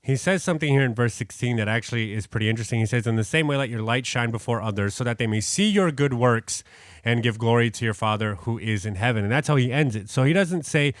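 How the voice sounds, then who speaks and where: A man's voice: medium pitch, fast, no echo. Earnest rambling man, dry close sound. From New York. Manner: rambling, self-correcting, earnest. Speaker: podcast co-host. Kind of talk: casual Bible study chat.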